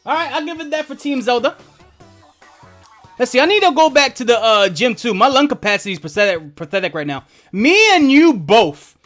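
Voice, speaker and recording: A man's voice: very high-pitched, animated, a little fast, a bit bright, soft background music. A young man streaming a video game, chatting casually in a rambling, profane way and laughing often. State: asthmatic. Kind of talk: casual gaming stream chat.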